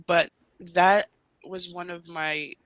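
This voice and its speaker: Animated New woman guest. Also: on the low side, slow, no room sound, low-quality recording. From Brooklyn, New York. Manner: animated, storytelling, laughs loudly. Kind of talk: casual chat.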